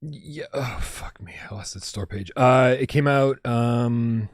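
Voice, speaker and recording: A man co-hosting a casual livestream chat, talking with excitable energy and swearing freely. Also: medium pitch, slow pace, no echo, clean studio sound. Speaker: podcast co-host.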